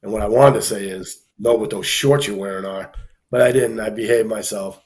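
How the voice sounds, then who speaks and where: Speaking fairly quickly in a low voice, a man shares a casual, animated anecdote on a live stream, acting out those he quotes amid plenty of fillers.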